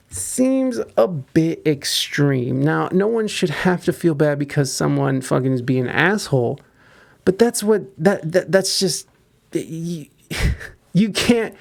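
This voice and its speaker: A man's voice: fairly high pitch, gravelly. A man hosting a podcast, giving casual, profane news commentary with many restarts. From United States. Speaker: podcast host.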